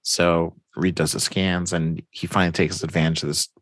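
Guy with a deep voice telling a comic story, does the characters' voices, dry close sound. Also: normal speed, dry recording. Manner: animated storyteller, acts out characters' lines. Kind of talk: casual chat recapping a comic story.

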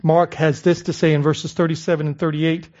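A man's voice: a little high, level tone, brisk, darkish tone. A male pastor preaching a sermon in a conversational way, asking the congregation rhetorical questions and often repeating words as he searches for phrasing. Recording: dull lo-fi recording.

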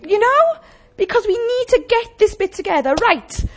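A woman's voice: very high-pitched, big pitch swings, normal speed. A woman preaching a sermon in a conversational way, often asking the congregation questions.

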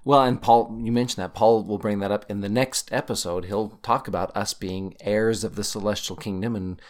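A man's voice: on the low side, fairly even intonation, moderate pace. A man hosting a scripture study podcast, talking in an emphatic, teacherly way and stressing key words. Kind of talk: conversational scripture discussion.

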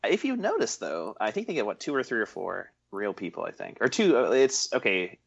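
Rambling sarcastic man, animated pitch. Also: a little fast, creaky, breathy edge, muffled recording. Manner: rambling, sarcastic, many restarts. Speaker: podcast co-host. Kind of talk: casual movie podcast chat.

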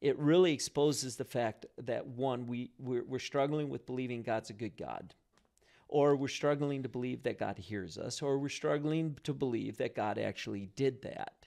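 A man's voice: mid-range voice, normal speed, creaky. A man talking casually about prayer and faith, telling stories with many restarts. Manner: animated storyteller with frequent restarts.

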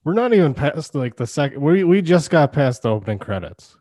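A man's voice: fairly high pitch, very animated, fairly quick, darkish tone, no echo, studio quality. A man co-hosting a podcast, talking casually about films in rambling sentences full of "like", with frequent laughs. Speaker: podcast co-host. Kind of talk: casual movie chat.

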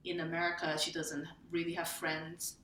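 Woman from Taiwan, bright echoey voice. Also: sits low, moderate pace. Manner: animated, laughing, tags lines with "right?". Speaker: memoir author, guest. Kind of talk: storytelling in an interview.

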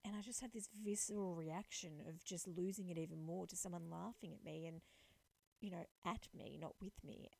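Gravelly, low-voiced Australian woman in her late twenties. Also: mellow, rough recording. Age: late 20s. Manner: earnest and reflective, building to emphatic calls to action. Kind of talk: personal storytelling talk.

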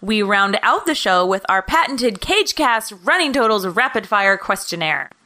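A woman's voice: mid-range voice, animated, normal speed, pushed and bright. A woman co-hosting a casual film-review podcast, playful and teasing. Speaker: podcast co-host.

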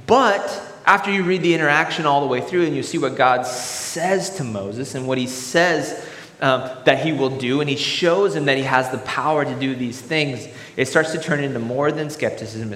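Casual, animated male preacher; roomy, long-reverb hall sound. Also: medium pitch. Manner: animated, acts out voices in examples. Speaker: pastor. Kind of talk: sermon.

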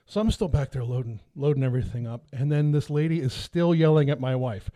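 A man in his thirties hosting a podcast, telling a story in a casual, animated way and acting out the voices. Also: medium pitch, a little fast, hardly any pauses, no room sound, clean studio sound. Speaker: podcast host.

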